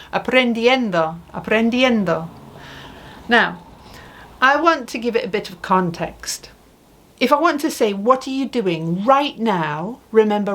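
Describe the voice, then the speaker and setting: A woman giving a spoken language lesson at an unhurried, deliberate pace. She talks patiently in a mid-range voice, posing questions and modeling each phrase for the listener. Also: medium pitch. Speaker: Spanish teacher.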